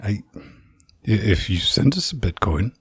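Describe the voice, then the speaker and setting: A man's voice: lowish voice, big pitch swings, measured pace, vocal fry, a bit bright, husky, dry recording, clean studio sound. A man co-hosting a podcast, talking in a rambling, jokey way with many restarts. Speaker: podcast co-host. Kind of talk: casual podcast chat.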